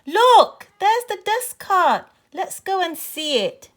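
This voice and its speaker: An eager little boy who calls out high and loud to his friends, as a woman reads the storybook. His voice lifts brightly and moves a lot. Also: sing-song, a little slow.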